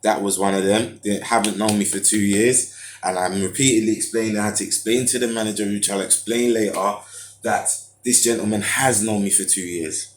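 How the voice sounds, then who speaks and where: A young man rants through a casual monologue, heavy with street slang and hesitations. His voice sits low in his chest. The room around him rings with echo. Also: fairly even intonation, fairly quick. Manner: frustrated storytelling with street slang and many fillers. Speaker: vlogger.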